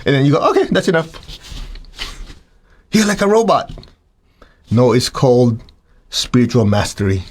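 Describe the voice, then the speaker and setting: A man teaching students about spiritual practice in a lively, conversational way. He keeps jumping into little acted-out voices, sometimes high and exaggerated, then settles back into a calm middle-pitched delivery. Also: moderate pace, long pauses. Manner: animated, acts out voices of students and himself.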